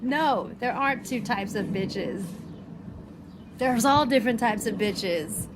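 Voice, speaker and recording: A young woman content creator in an animated, exasperated rant, emphatic and swearing often. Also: fairly high pitch, slow, background noise.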